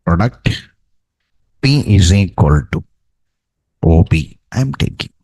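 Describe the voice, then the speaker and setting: A man's voice: mid-range voice, dry recording, rough recording. A man teaching a programming class, dictating code and checking in with "no?" and "okay, right". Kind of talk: live coding lesson.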